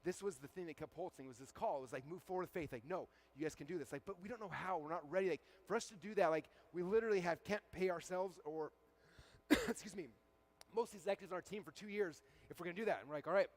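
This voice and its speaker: A man's voice: on the high side, fast talker. A man giving a live keynote on stage to an event audience, telling a story and acting out the dialogue. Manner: energetic storyteller, acts out quoted dialogue. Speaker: keynote speaker.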